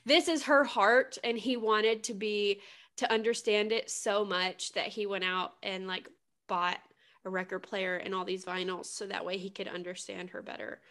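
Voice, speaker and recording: A woman's voice: medium pitch, steady tone, moderate pace, fairly bright tone. A woman co-hosting a casual book podcast, earnestly describing a moment she loved. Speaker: podcast co-host.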